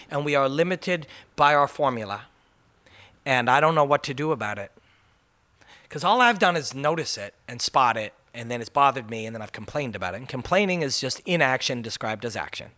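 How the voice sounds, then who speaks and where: A man's voice: mid-range voice, expressive, fairly quick, pushed and bright. A man hosting a ranting MMA commentary video, passionate and emphatic, swearing for punch.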